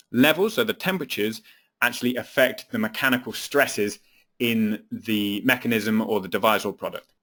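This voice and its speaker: A man walks viewers through an engineering software webinar. His voice sits at an ordinary middle pitch, and he explains at length, often restarting phrases and filling pauses with "um". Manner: many fillers and repeated words, explanatory. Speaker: application engineer presenting a webinar. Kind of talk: technical webinar presentation.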